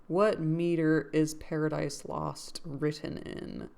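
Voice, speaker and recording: A woman's voice: deep voice, level tone, takes it slowly, vocal fry, a little mellow. A woman reading a classic novel aloud in a casual way. She stops to look things up and makes joking asides. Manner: laughs to herself, jokey asides. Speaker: book-club host.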